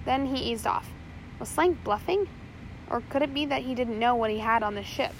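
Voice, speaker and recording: Fairly high-voiced woman reading a storybook. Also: moderate pace, a little hiss or hum, poor audio. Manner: steady reading with small slips. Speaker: audiobook narrator. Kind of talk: audiobook narration.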